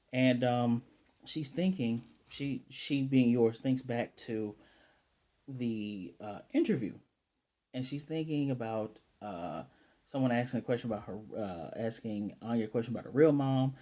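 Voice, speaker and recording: Mellow American male host, loose rambling anime recap full of fillers. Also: mid-range voice. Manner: rambling, many fillers and self-corrections. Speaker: anime reviewer. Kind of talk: casual episode review.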